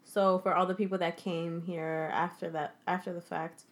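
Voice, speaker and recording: Young woman guest, lots of ums and likes, lowish voice. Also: level tone, moderate pace. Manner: hesitant, many fillers, laughs easily. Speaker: podcast guest. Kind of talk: casual conversation.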